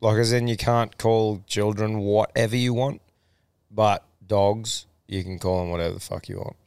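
A man's voice: fairly low pitch, steady tone, normal speed, darkish tone, smooth, no echo, clean studio sound. A man co-hosting a podcast, chatting in a laid-back, sweary way. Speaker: podcast co-host. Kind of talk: casual chat.

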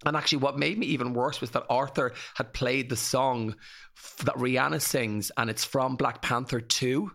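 Bright-voiced Irish man opening up. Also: mid-range voice, fairly even intonation, moderate pace, creaky. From Ireland. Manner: open, tumbling storytelling. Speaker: guest. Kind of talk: candid emotional interview.

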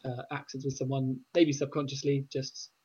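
A man's voice: mid-range voice, monotone, moderate pace, a little mellow, breathy edge, muffled recording. A man co-hosting a podcast, explaining things hesitantly with lots of fillers and hedges. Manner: hesitant, hedging, many fillers. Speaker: podcast co-host. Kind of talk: casual chat.

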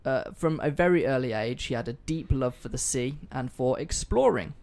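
A man's voice: medium pitch, normal speed, gravelly, a little mellow. A man hosting a casual history podcast, telling the story in a loose, sweary, joking way. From not American. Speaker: podcast host.

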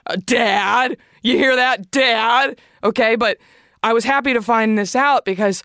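Woman podcast host, casual solo chat, bright crisp voice, dry close sound, emphatic and chatty. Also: fairly high pitch, measured pace, no room sound. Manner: chatty, confessional, emphatic, swears freely.

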